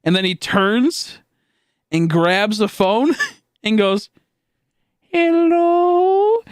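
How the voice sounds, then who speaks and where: A man livestreaming a game and telling a story at a loose, rambling pace. His voice sits a little higher than most men's. The sound is dry and close, and he swears freely and breaks into laughter often. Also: takes it slowly, smooth, dry recording. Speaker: streamer.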